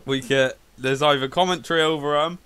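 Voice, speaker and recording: A man's voice: a little high, fairly even intonation, brisk, fairly bright tone, clean tone. A man hosting a gaming show in casual chat, easygoing and muttering to himself while looking for clips.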